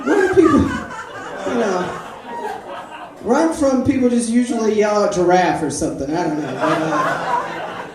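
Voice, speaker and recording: A man doing a deadpan, self-deprecating stand-up set at a live open mic, bantering with the crowd. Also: high voice, moderate pace, pauses often, noisy background. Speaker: stand-up comedian. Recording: echoey live room from far off. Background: audience laughter.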